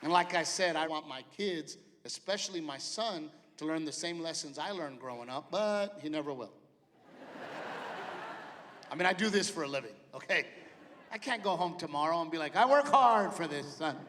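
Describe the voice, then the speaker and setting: A middle-aged man doing a stand-up set, loud and punchy, with sudden shouted punchlines. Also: fairly high pitch, normal speed, slight background noise. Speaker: stand-up comedian. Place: large theater stage. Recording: live theater with long reverb and faint ambience.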